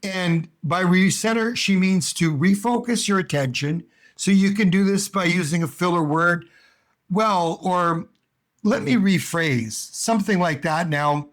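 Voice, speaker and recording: A man with a fairly high voice talks straight to learners as their English speaking coach. He is animated and emphatic and keeps coming back to his main points. The talk is loose and conversational, like a lesson to camera. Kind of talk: casual coaching monologue. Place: home in Brazil.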